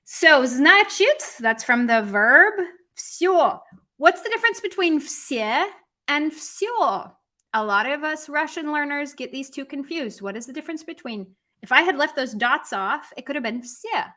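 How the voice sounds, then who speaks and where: A woman teaching a language lesson on a live stream, lively and chatty, answering viewers as she explains. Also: sits high, measured pace. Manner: lively, switches between English and Russian, chats with viewers.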